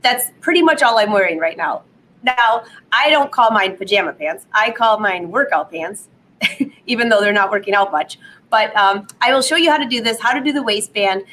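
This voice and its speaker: A woman hosting a live sewing vlog from her home studio, slightly hoarse from a cold, chatty and upbeat, laughing at her own jokes. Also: mid-range voice, lively intonation, normal speed, sharp tone, a little hiss or hum, low-quality recording. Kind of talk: casual live stream chat.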